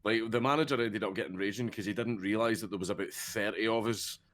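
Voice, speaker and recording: A man's voice: fairly low pitch, fast, a bit bright, slight background noise. Sweary Scottish man telling stories. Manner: swears a lot, laughs through his stories. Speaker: podcast guest. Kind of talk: casual chat, telling stories.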